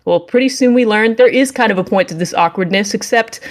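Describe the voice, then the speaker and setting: A woman's voice: medium pitch, brisk. A young woman co-hosting a podcast, recapping a video game in a playful, sarcastic way and acting out the dialogue. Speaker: podcast co-host reviewing games. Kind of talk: casual comedic game recap.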